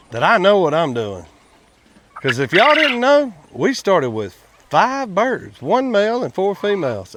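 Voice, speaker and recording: A man's voice: high-pitched, a bit bright, a little hiss or hum. A man, chatting casually to viewers in a vlog while working outdoors at his quail pens, folksy and talkative. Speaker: quail farmer and channel host.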